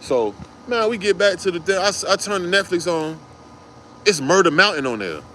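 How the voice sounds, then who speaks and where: A man's voice: sits high, sing-song, normal speed, pushed and bright, slight background noise. A man telling a wild personal story in casual street slang, cursing freely and acting out other people's voices.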